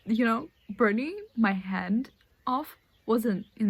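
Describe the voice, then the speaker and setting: A woman's voice: a little high, slow pace, breathy edge, no room sound. Rambling eighteen-year-old woman vlogging. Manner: rambling, hesitant, drops to a whisper at times. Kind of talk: casual chat. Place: outdoors in a forest.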